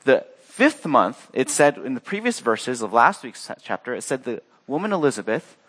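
Lively animated male pastor. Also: moderate pace, slightly rough. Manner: animated storytelling, acts out quotes with big pitch jumps. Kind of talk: sermon.

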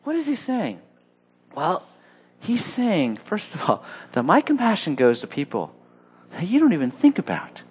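A man preaching a sermon in a lively, humorous and conversational way. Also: on the high side, measured pace, slightly rough. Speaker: pastor.

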